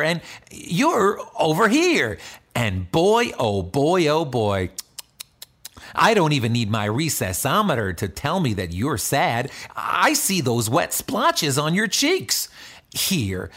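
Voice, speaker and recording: Guy playing a bouncy talking backpack buddy, slow and chuckly, voice leaps all over the place. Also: sing-song, a bit bright, full character voice. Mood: cheerful. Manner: rhyming, bouncy, chuckling, sudden swoops in pitch. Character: cheerful talking flying backpack, playful and kind. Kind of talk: children's audio drama.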